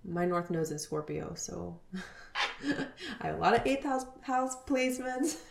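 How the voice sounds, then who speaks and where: A woman in her thirties hosting a spiritual podcast, talking earnestly and dropping into soft whispers. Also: fairly low pitch, lively intonation, a little slow, vocal fry, roomy sound. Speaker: podcast host.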